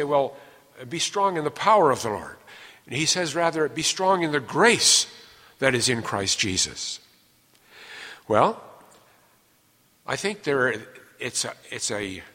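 Man teaching scripture, fairly high, animated voice, long hall reverb. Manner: earnest, explanatory, stresses key words. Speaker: Bible teacher. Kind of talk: expository Bible teaching.

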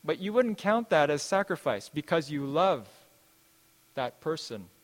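Preacher, male, fairly high voice, earnest and repetitive delivery, long hall reverb. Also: very animated. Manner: earnest, repeats key phrases, slows down to quote scripture. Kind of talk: sermon.

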